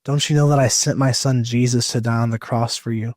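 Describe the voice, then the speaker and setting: A man's voice: medium pitch, steady tone, brisk, darkish tone, no echo, clean studio sound, close to an everyday voice. A man voicing God as a loving, fatherly presence, in his own everyday voice. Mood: tender.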